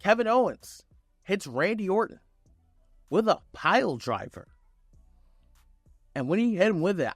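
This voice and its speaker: An excited young man recaps a wrestling show in a loose, casual way, jumping into quoted lines with swearing. His voice sounds dry and close, with faint music behind him. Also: on the high side, moderate pace, pauses often, no room sound.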